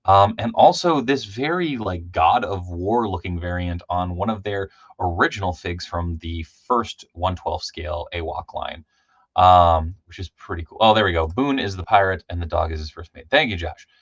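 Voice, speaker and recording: A man hosting a casual live stream, chatty and loose, shouting out viewers by name with lots of ums. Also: low voice, moderate pace, no echo, dull audio. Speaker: livestream host.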